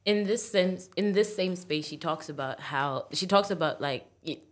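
A woman co-hosting a casual podcast, reacting and laughing along in a relaxed way. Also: lowish voice, normal speed. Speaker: podcast co-host. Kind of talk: casual chat.

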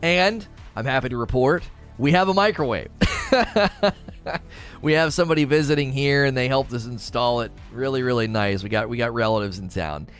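A man's voice: mid-range voice, normal speed, fairly bright tone, clear, resonant tone, faint music behind. A man chatting casually on a livestream, reading chat messages aloud and telling rambling stories. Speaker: streamer.

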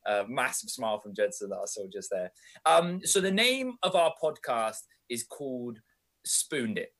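Young guy, podcast co-host, lively and chatty. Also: mid-range voice, normal speed. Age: young adult. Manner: animated, chatty British slang. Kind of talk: casual chat.

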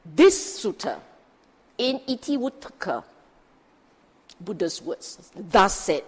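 A woman's voice: medium pitch, big pitch swings, takes it slowly, breathy edge. A woman teaching Buddhist scripture in a dharma talk, emphatic and asking her listeners rhetorical questions. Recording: long hall reverb.

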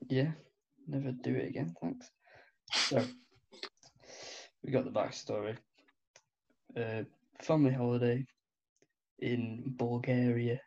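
A man's voice: mid-range voice, fairly even intonation, slow, gravelly, long pauses, darkish tone. A young man with a British accent telling a story in casual chat, laid-back and hesitant, with lots of fillers. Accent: British English. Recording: dull lo-fi sound.

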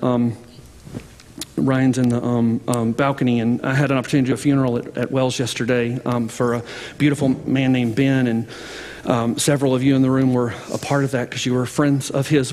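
A man's voice: mid-range voice, darkish tone, big-room sound. A man preaching a sermon as pastor, speaking conversationally with many fillers and restarts. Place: church sanctuary with balcony.

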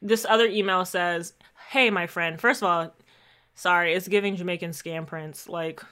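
A woman with a bright, clear voice co-hosts a casual podcast. She is sarcastic and laughs often, mocking the emails she reads aloud. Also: lowish voice, steady tone, moderate pace. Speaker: podcast co-host. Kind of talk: casual chat.

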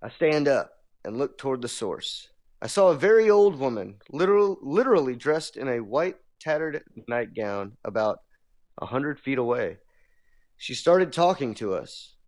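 A man's voice: mid-range voice, big pitch swings, moderate pace, darkish tone. A man hosting a podcast, reading a listener's story aloud with casual asides. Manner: laughs easily, reads with asides. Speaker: podcast host.

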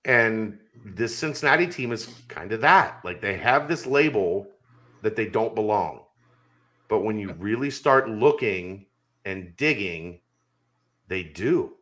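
A man with a low, bright, forceful voice holds forth on a sports podcast. He argues insistently in casual debate and drifts into long, rambling stories. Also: expressive, slow pace. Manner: emphatic, insistent, rambling storyteller.

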